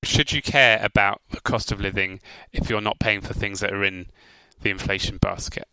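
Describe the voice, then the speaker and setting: A man's voice: lowish voice, steady tone, normal speed, pushed and bright, clean tone, dry recording, rough recording. A man co-hosting a casual chat about personal finance, quizzing his partner in an upbeat game-show manner. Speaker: co-host.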